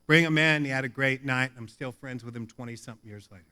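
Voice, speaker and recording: A man's voice: mid-range voice, fast, clean tone. A man giving a funny recovery talk at a convention, telling casual stories and acting out conversations. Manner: animated, casual, swears, acts out dialogue. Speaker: AA convention speaker. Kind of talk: humorous recovery talk, storytelling. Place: hotel convention hall.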